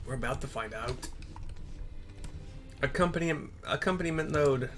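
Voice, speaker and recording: A man's voice: mid-range voice, moderate pace, pauses often. Man, casual game commentary, rambling, lots of fillers, faint music behind. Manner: rambling, filler-heavy, easily excited. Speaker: gamer playing through a quest.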